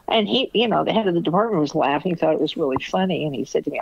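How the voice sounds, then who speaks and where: A woman's voice: low-pitched, animated, fast talker, creaky, slightly rough, dull audio. An older woman, a photo editor and teacher, telling stories in an interview in a blunt, candid way and laughing often. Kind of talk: interview storytelling.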